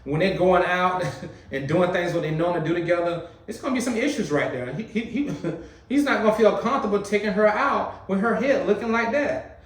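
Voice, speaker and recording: A man's voice: sits high, fairly quick, reverberant, far from the mic, rough recording. A man hosting a reaction video, commenting casually on a clip and teasing while talking straight to his viewers. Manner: chatty, teasing, addresses viewers as fam.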